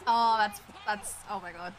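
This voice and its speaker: A young woman streaming a game, excitable, swearing often and laughing between reactions. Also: medium pitch, normal speed, slight background noise. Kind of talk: casual live-stream commentary.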